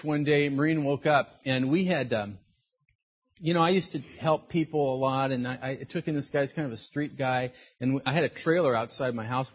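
A middle-aged man preaching a sermon, telling personal stories in an animated way and acting out the voices of the people in them. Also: medium pitch, breathy edge, dull audio. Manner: storytelling, animated, acts out quoted voices. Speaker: pastor.

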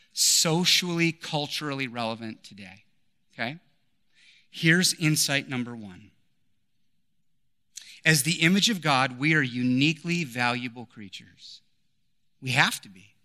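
A man's voice: on the high side, pushed and bright. A man in his forties preaching a sermon, emphatic and repeating his key phrases. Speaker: pastor.

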